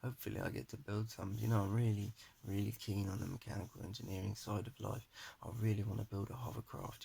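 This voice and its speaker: A young man talking to a phone camera in his flat, giving a rambling, earnest personal monologue and pep talk. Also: fairly low pitch, quick pace, creaky, a little hiss or hum. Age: young adult. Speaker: vlogger. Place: his flat at home, indoors. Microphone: phone camera held in front of face.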